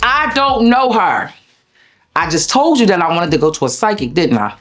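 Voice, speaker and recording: A woman with a Delaware accent, an interview guest telling a personal story in a blunt, profane, animated way. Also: on the low side, moderate pace, soft background music. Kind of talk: emotional storytelling.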